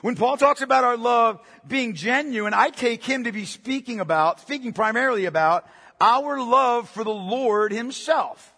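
A pastor preaching with a high, husky voice that rings through a long church reverb. He is earnest and emphatic, and he stacks up rhetorical questions for his congregation. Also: moderate pace, pushed and bright. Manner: earnest, emphatic, asks many rhetorical questions, often adds "right?". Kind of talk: sermon. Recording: long reverb of a large hall.

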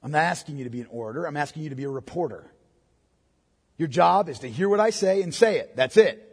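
A male pastor preaching a sermon, swinging from hushed, low passages to loud, emphatic ones. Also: expressive, quick pace, husky, long reverb tail.

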